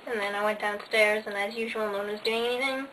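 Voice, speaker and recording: A woman's voice: mid-range voice, steady tone, quick pace. A teenage girl vlogging casually, bubbly and sarcastic, with lots of "like" fillers. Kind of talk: casual chatty vlog. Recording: faint hiss, slightly distant mic.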